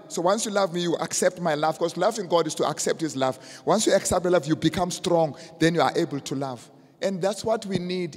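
High-voiced preacher in an echoing hall. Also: male voice. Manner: swings from soft asides to shouted emphasis. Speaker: pastor. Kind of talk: sermon. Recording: long hall reverb.

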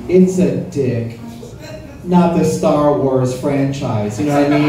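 A man on a comedy club stage with a slightly high voice, working through crude material at a slow, unhurried pace and teasing the audience. The sound is very roomy and picked up from a distance, with a crowd laughing clearly around him. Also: background noise. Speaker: stand-up comedian. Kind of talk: stand-up set at a comedy club.

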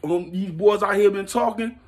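A man vlogging a hyped, slangy football rant, laughing and repeating himself in his excitement. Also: high voice, moderate pace. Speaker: sports vlogger.

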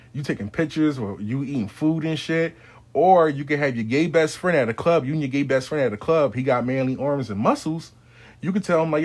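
A man talks through advice for his clients in a loose, rambling monologue. He swears freely and uses street slang, and his voice sits at a middle pitch. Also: husky. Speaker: spiritual adviser to clients.

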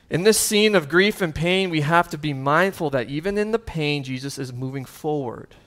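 A man's voice: fairly high pitch, normal speed, a bit bright. A man preaching a sermon as pastor, earnest and conversational, with casual asides and fillers.

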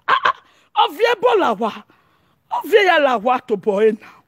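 A Nigerian woman from Edo giving an animated monologue as an online commentator, excitable and often shouting and laughing. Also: very high-pitched, fairly quick, no echo, clean studio sound.

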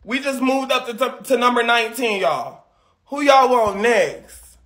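A man's voice: very high-pitched, unhurried, fairly bright tone. A man hosting a livestream, roasting people in a brash, profane, trash-talking way. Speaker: livestream host.

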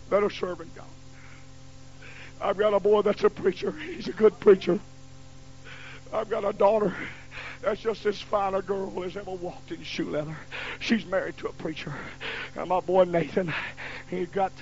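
A man in his fifties preaching a sermon in a folksy storytelling way that builds to shouting, on a dull lo-fi recording. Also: high-pitched. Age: 50s. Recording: dull lo-fi recording with faint hiss.

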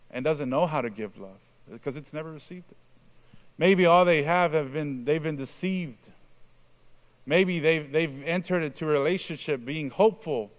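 A man preaches a conversational sermon, putting questions to the congregation and punctuating points with "right?" His first language is Spanish, and he acts out quoted reactions in a lowered voice.

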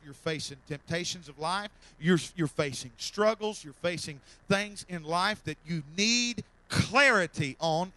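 A male pastor preaching a sermon in a church, swinging from loud fervent calls to soft repeated lines. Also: on the high side, rough recording. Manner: fervent, repetitive preaching that swells loud then drops soft. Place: church sanctuary.

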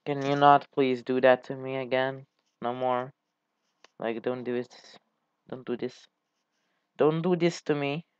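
A man hosting his own gaming channel, rambling through casual commentary in a smooth, even voice. He drawls slowly, trails off and restarts, and swears now and then. The recording is dry and a little dull, as if from a cheap home mic. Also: medium pitch, no echo.

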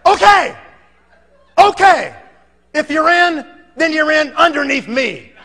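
A man voicing a furious older father-in-law who blusters and shouts indignantly. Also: very high-pitched, unhurried, long reverb tail, a little hiss or hum, full character voice. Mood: grudging.

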